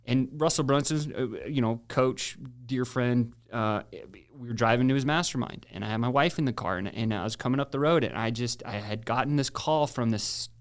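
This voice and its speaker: Animated slangy man telling his story. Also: mid-range voice, moderate pace, few pauses. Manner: animated, slangy, with many restarts. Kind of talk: casual storytelling.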